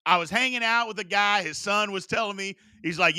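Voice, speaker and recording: A chatty man in his forties runs a live sports talk show, reading viewer questions and riffing on them. His voice sits high and sounds very bright and sharp. The sound is dry, with almost no room around it. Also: fairly quick, few pauses, no room sound. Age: 40s. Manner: animated, chatty, reads viewer questions aloud.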